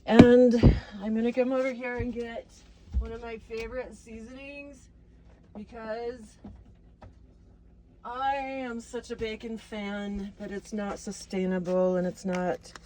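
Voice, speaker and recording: Cooking in a motorhome kitchen for her casual vlog, a woman rambles chattily and laughs off her own slips. Her voice is on the high side, mellow and steady, and she takes it slowly, with a little hiss or hum on a rough recording.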